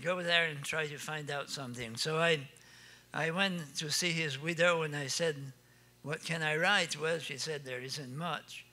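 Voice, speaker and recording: A man's voice: fairly high pitch, pushed and bright. An older man with an Acadian French accent telling folksy comic stories on stage, laughing at his own punchlines. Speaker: storyteller.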